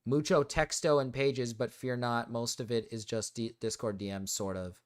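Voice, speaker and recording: A man's voice: mid-range voice, fairly even intonation, normal speed. Male streamer, casual reaction commentary, reads text aloud, incredulous asides. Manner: reads quotes aloud, interrupts with incredulous remarks, bursts of loud laughter.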